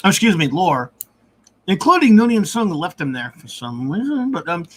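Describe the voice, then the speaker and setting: A man hosts a review podcast and talks in a relaxed, wry way. His voice sits a little higher than most men's, and his sentences tend to trail off into mutters. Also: fairly quick, breathy edge. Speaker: podcast host. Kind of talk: casual review chat.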